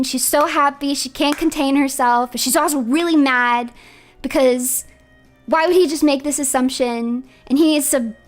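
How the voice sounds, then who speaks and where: She is a chatty woman streamer with a high, bright voice, playful and quick to laugh. Soft music plays under her casual livestream talk.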